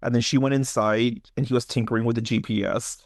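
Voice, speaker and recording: A man co-hosting a horror podcast, chatting casually and reading a listener story aloud with theatrical pauses and jokey asides. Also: medium pitch, fairly even intonation, gravelly, no echo, studio quality. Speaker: podcast co-host.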